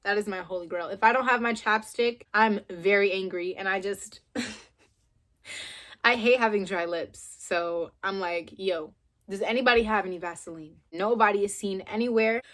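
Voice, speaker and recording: A woman's voice: mid-range voice, measured pace. A young woman vlogger casually recounting a personal story to camera, acting out her own quoted lines bluntly. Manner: animated retelling with quoted dialogue, frank and blunt.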